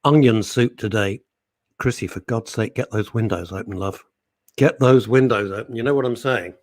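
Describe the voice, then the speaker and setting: A man's voice: on the low side, fairly quick, darkish tone, no room sound. A middle-aged man, hosting live talk radio and reading out listener comments in a playful, teasing way. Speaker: radio show host.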